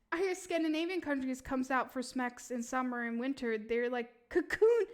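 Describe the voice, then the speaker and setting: A young woman, streaming tarot readings and chatting with her viewers, laughing often and answering chat in an animated way. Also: high-pitched, unhurried. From Sweden. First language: Swedish. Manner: giggly, animated, talks back to chat. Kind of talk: casual live-stream chat.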